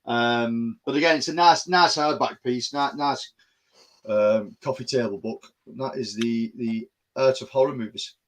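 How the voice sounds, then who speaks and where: Man, podcast co-host, casual chat, rambling, middle pitch. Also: unhurried. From North West England. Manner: chatty, rambling with many ums.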